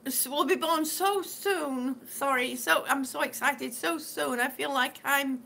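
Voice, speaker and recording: A woman vlogger with a high, creaky, sharp-toned voice speaks unhurriedly over slight background noise. In a casual live-stream chat, she reads viewer comments aloud, affectionate and chatty, calling people sweetie.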